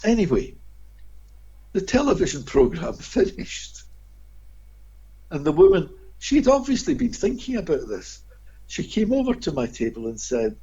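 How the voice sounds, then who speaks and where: Male guest, expressive storyteller, slightly high and husky, on a muffled lo-fi recording. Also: a little slow, long pauses. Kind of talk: anecdotal storytelling. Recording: dull lo-fi audio.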